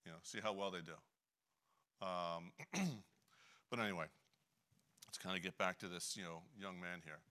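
A middle-aged man preaching a conversational sermon, full of "you know" fillers and frequent throat clearing. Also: low-pitched, normal speed, long pauses, pushed and bright. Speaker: Bible teacher. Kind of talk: conversational sermon with a personal story.

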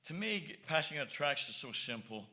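A man preaching a sermon as an evangelist, earnest and repetitive, swinging between soft asides and emphatic lines. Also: a little high, sing-song, moderate pace.

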